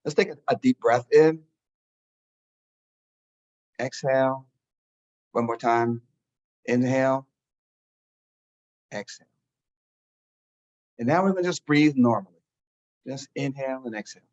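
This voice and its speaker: A man guiding a listener through a calm breathing and relaxation meditation, giving slow, soothing instructions. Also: mid-range voice, lo-fi sound. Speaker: meditation guide. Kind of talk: guided meditation.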